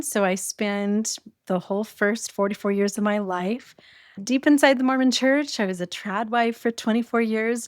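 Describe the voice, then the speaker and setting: A woman in her forties from Arizona, telling her story in a casual podcast interview with animated, quick delivery. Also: mid-range voice, no echo, studio quality. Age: 40s. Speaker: podcast guest.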